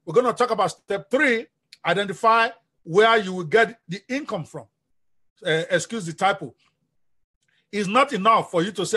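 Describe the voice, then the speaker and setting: A man giving an energetic live-stream business coaching talk, often asking his audience questions. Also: high-pitched, moderate pace, husky.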